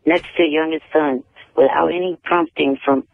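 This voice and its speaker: Gravelly, halting man on a tinny phone line. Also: on the high side, steady tone, no room sound. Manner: halting, repeats words, stiff and earnest. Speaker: regular phone caller. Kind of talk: casual call-in chat.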